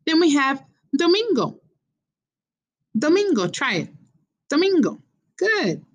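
A woman teaching a beginner Spanish lesson, slowly modeling words and prompting learners to repeat after her. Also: high voice, sing-song. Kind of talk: call-and-response language lesson.

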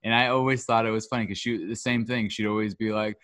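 A man's voice: lowish voice, fairly even intonation, a little fast, few pauses, fairly bright tone, no room sound, clean studio sound. A man co-hosting a podcast, chatting casually and rambling through his opinions with fillers. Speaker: podcast co-host. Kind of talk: casual chat.

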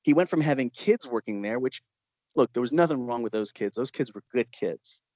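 A man's voice: mid-range voice, animated, fairly quick, darkish tone, no echo, dull audio. A man who makes horror films, telling stories in an interview with lots of laughter and acted-out voices. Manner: laughs often and acts out quoted voices. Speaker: horror filmmaker. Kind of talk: animated interview storytelling.

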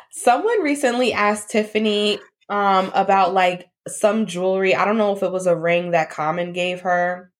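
A woman co-hosts a casual podcast chat. Her voice sits at a middling pitch, and she talks bluntly and teases, often repeating a line for effect. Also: unhurried. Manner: blunt and joking, repeats her lines for emphasis. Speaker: podcast co-host.

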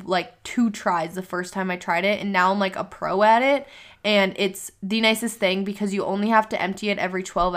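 A young woman in her twenties co-hosts a casual podcast. She rambles in a chatty way, scattering "like" through her sentences. Her voice sits at an ordinary middle pitch. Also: a bit bright. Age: 20s. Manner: chatty, full of "like" fillers. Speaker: podcast co-host. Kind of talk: casual chat.

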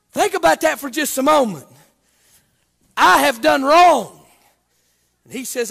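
A Baptist preacher, delivering a sermon that swings between hushed talk and shouted, chanting preaching. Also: male voice, extremely high pitch, animated, unhurried, creaky, pauses often, in a large hall.

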